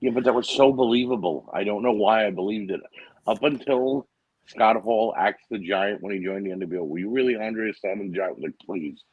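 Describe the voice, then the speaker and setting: A man co-hosting a casual podcast, making joking asides and quickly agreeing with the others. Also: lowish voice, slightly rough, dry recording, phone-quality sound. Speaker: podcast co-host. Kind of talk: casual chat.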